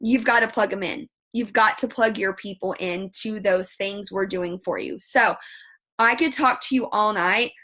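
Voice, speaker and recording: A woman's voice: mid-range voice, normal speed, pushed and bright. A woman, leading her sales team on a video call, emphatic and rambling, with a tough-love manner. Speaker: team leader.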